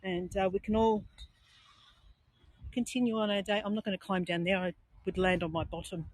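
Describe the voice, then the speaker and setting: An Australian woman guiding a live walking tour outdoors on a coastal headland, talking in a chatty, meandering, gentle way into a handheld phone. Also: mid-range voice, fairly even intonation, moderate pace, dry recording, poor audio. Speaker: tour guide.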